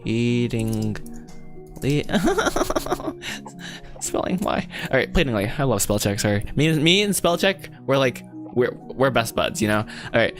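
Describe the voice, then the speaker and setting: A man's voice: mid-range voice, lively intonation, moderate pace, few pauses, fairly bright tone, faint music behind. Rambling young man livestreaming. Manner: rambling, self-deprecating, laughs often. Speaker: livestreaming writer. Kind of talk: casual livestream chat while writing.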